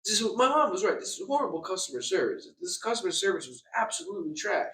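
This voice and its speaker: Young man vlogging an agitated rant, fast, echoey and off-mic. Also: high voice, very animated, fairly bright tone. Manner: agitated, swearing, stammering repeats. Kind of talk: angry storytime rant. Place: hotel room. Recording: echoey room, distant mic.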